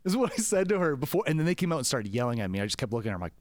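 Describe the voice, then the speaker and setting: Man, mid-pitched, animated storyteller acting out voices; dry close podcast mic. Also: very fast, dry recording. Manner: animated storyteller, acts out quotes, laughs often. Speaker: podcast co-host, comedy club staff. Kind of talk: casual storytelling chat.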